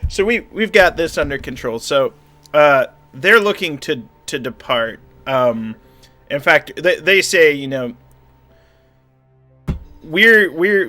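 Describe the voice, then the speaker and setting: A man's voice: a little high, slow, pauses often. A man narrating as game master of a tabletop spy game, voicing the other characters in a loose, joking way. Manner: animated, voices NPCs with laughter.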